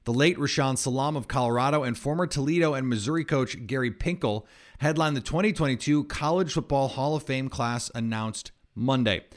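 A man hosting a sports podcast, reading headlines in a steady, plain delivery. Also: medium pitch. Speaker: podcast host.

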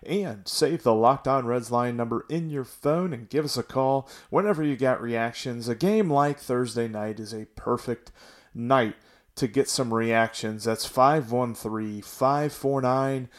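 A man hosting a sports podcast, talking casually and venting frustration with frequent restarts. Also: medium pitch. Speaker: podcast host.

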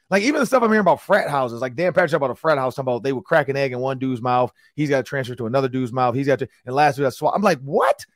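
A man hosting a sports talk show, telling a story in casual podcast style, animated and slangy. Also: fairly high pitch, no echo, clean studio sound. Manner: animated, acts out quotes in slangy banter.

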